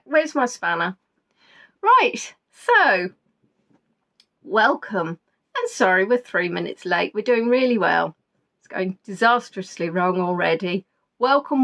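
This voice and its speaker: A woman's voice: medium pitch, fairly bright tone. A woman hosting a live quiz, chatting casually and rambling with self-deprecating asides. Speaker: quiz host. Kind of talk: casual live-stream chat.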